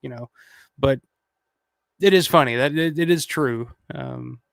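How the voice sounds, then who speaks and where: A man's voice: mid-range voice, measured pace, vocal fry, dry recording, studio quality. A man in his thirties hosting a casual livestream, reading viewer comments and rambling with lots of swearing and restarts. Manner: rambling, profane, many restarts. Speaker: channel host.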